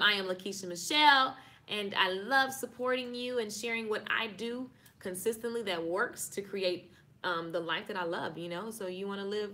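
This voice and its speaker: A woman's voice: medium pitch, pushed and bright. A woman with a Southern US accent, chatting casually and playfully on a live stream about marketing. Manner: chatty, playful, signs off again and again.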